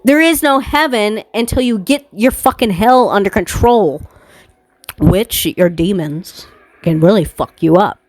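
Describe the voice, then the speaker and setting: A woman doing a casual tarot card reading, reading slowly from a card book and then ranting with heavy swearing. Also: mid-range voice, no echo. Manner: profane, heated ranting with bursts of laughter; slow, deliberate reading aloud.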